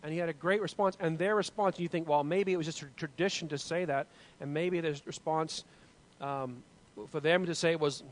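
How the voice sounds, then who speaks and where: A man's voice: fairly high pitch, moderate pace, poor audio. A man leading a group Bible study discussion, talking in an earnest, musing way with many restarts.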